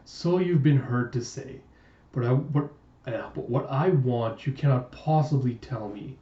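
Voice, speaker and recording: Man reading as a cruel old villain doctor, slow and low. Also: lightly acted. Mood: menacing. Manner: slow, drawn-out menace, name-endings dropped low and soft. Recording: roomy, distant, dull lo-fi sound.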